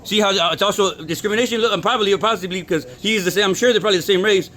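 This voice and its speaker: A man's voice: sits high, rapid-fire, pushed and bright. A man filming on his phone inside a store, arguing in an agitated, repetitive way as an employee. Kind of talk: filming a workplace confrontation.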